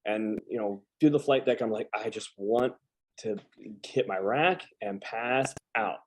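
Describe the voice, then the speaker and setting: A podcast host and veteran talks in a lowish, slightly slow voice, captured on a rough recording. He hosts a casual chat, telling stories in a rambling, easy way, with plenty of fillers and restarts.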